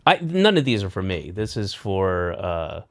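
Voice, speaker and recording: Male podcast host, low voice with a lively lilt, dry deadpan delivery, close dry mic. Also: unhurried, no room sound. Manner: dry, wry, rambling with many fillers. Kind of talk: casual chat. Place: New York.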